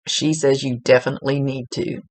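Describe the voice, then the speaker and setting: A woman's voice: a bass voice, fairly even intonation, brisk, darkish tone, no room sound. A woman working as a psychic medium, giving a spirit reading in an earnest, chatty way and repeating words for emphasis. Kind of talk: spirit reading, relaying messages.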